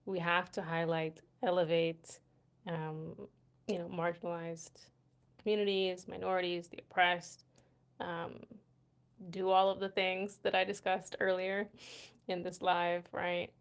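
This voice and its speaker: A woman's voice: lowish voice, flat delivery, measured pace, clear, resonant tone. A young woman hosting a casual livestream, chatting with viewers and reading aloud. She talks loosely with lots of fillers and tag questions, and laughs often. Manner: chatty, laughs often, many fillers like "right?" and "you know". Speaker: livestream host. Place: Morocco.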